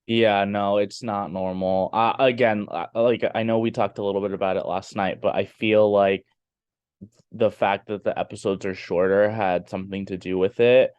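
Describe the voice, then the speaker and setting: A man's voice: fairly low pitch, flat delivery, moderate pace, clear, resonant tone, dry recording, highs cut off. A man co-hosting a casual TV review chat, hesitant and searching for words. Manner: hesitant, many fillers and restarts. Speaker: co-host of a TV review show.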